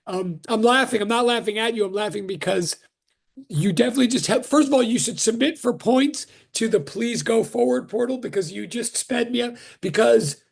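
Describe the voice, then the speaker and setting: A male physics professor greets his class over a video call, chatty and quick to joke. His voice sits high for a man and carries a gravelly, frayed edge. He often breaks off his own sentences. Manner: chatty, self-interrupting, joking. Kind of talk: casual online lecture greeting.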